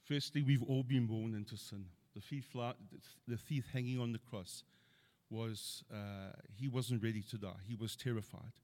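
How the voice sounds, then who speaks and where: A man's voice: medium pitch, steady tone, moderate pace, darkish tone. A middle-aged man preaching a sermon, earnestly quoting scripture and building to emphatic points.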